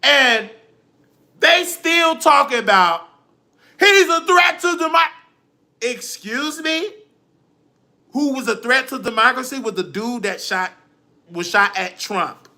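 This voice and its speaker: A man ranting on a livestream in a dramatic, preachy way. He cries freely and quotes scripture. His voice is gravelly yet bright and sharp. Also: very high-pitched, expressive, slow, long pauses. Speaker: livestream host. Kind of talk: emotional livestream rant.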